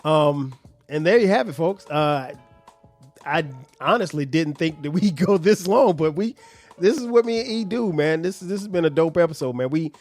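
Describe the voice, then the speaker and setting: A podcast host with a slightly higher voice runs a this-or-that quiz in easy, casual chat. He mostly answers with brief agreements and reads out each question. Faint music plays under him. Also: expressive, normal speed, darkish tone.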